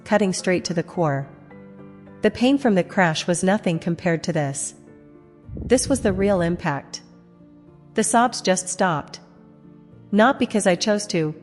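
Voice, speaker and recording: A woman narrating a first-person dramatic story in a measured voice with heavy pauses. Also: fairly low pitch, lively intonation, darkish tone. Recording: long reverb, music behind.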